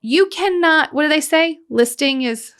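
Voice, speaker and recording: A woman's voice: high voice, animated, measured pace, a bit bright. A woman co-hosting a podcast in casual chat, emphatic and repeating her points for stress. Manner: emphatic, repeats points to drive them home. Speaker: podcast co-host.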